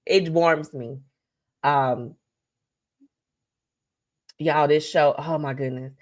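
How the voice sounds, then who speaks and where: A woman's voice: low voice, fairly even intonation, drawn-out words, a little mellow. Effusive, chatty woman show host. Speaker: host of a weekly live show. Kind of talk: casual livestream talk show sign-off.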